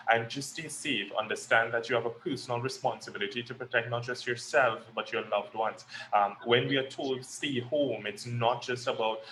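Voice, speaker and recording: A man's voice: mid-range voice, fairly even intonation, pushed and bright, a little hiss or hum, low-quality recording. A young man with a Trinidadian accent, speaking earnestly as a guest in an online interview, with frequent ums and restarts. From Trinidad and Tobago. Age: young adult. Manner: earnest, measured speaking with many fillers.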